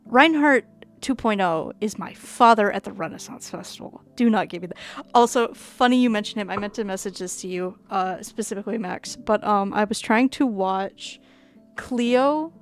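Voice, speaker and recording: A woman's voice: medium pitch, normal speed, faint music behind. A young woman with a Minnesotan accent, chatting casually on a gaming stream, rambling and laughing with many fillers and casual swearing. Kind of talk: casual live-stream chat while gaming.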